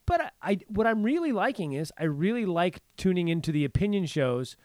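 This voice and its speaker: A man's voice: high voice, very animated, fairly quick, a little mellow, no echo, clean studio sound. A man co-hosting a casual political chat, rambling with frequent restarts and acting out others' words in a raised voice. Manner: rambling, with many restarts and stammers.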